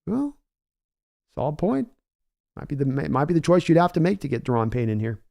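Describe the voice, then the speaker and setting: Mellow-voiced man hosting a sports chat. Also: fairly high pitch, very animated, normal speed, creaky. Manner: conversational, reads viewer comments aloud and answers them. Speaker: podcast host reading chat. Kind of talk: casual live-stream chat.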